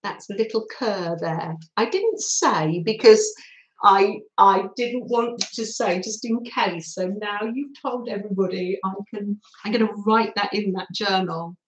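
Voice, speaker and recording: A woman hosting a live craft stream, chatting warmly with viewers and giggling often. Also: medium pitch, measured pace, reverberant, poor audio. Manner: chatty, giggly, talks through snacking. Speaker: livestream host reading viewer comments.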